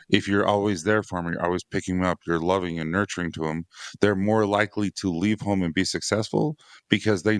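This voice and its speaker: A man's voice: low voice, fairly bright tone, clear, resonant tone, no echo, clean studio sound. A man who is a father of six, talking casually on a dads podcast, rambling and laughing often. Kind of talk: casual conversation.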